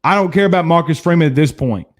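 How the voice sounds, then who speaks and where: A man in his thirties from Louisiana hosting a casual sports stream, reading viewer comments and telling stories in a blunt, animated way. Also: on the high side, quick pace. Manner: animated storyteller, hums drum beats, blunt. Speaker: sports show host.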